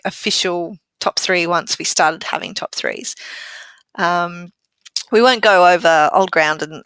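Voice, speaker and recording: A woman's voice: on the low side, fairly bright tone, dry recording. Teasing, laughing woman co-hosting a podcast. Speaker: podcast co-host. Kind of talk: casual chat.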